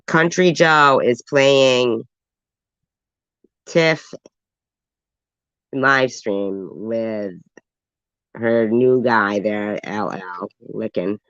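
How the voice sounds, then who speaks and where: Slow-drawling man on a live stream. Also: medium pitch, fairly bright tone, smooth, no echo. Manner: drawling, offhand asides. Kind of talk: casual live stream chat. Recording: dull lo-fi dry audio.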